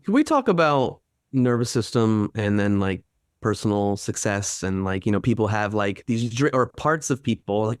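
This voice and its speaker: A male podcast co-host asking a guest a question in a halting way, with plenty of fillers, over a remote call. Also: medium pitch, expressive, clean tone, dry recording, studio quality. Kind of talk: casual interview questions.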